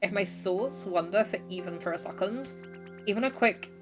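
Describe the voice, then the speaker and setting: Sleepy Slowpoke, as a woman reads his lines. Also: medium pitch, lightly acted. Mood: earnest. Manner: reads in-game dialogue aloud plainly. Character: sleepy male Slowpoke with big plans. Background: game music.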